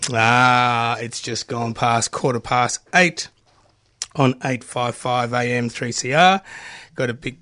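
A man hosts a radio show in a dry studio. He speaks at a medium pitch and in a hesitant way, stumbling over words and filling gaps with ums. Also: steady tone, takes it slowly, bright, forceful tone, no room sound. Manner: hesitant, many fillers and restarts. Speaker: radio host. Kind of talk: community radio presenting.

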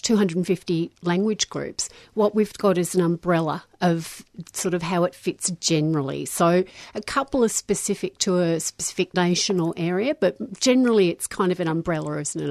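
A woman's voice: lowish voice, moderate pace, a little mellow, no echo. Woman in her sixties, chatty guest. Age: 60s. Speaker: children's author, guest. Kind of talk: radio interview guest. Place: radio studio.

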